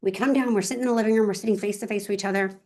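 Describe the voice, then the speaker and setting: A woman real estate agent tells stories in an interview with lively, emphatic energy. She talks straight to her listeners. Her voice sits at a middle pitch. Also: rapid-fire.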